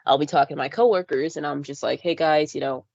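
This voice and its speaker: A young woman with a low voice co-hosts a podcast in loose, casual chat. She leans on fillers and slips into playful impressions of other voices. The recording is dry and a little dull. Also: fast talker, vocal fry, darkish tone, no echo. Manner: chatty, many fillers, mimics voices playfully. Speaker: podcast co-host. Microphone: podcast mic.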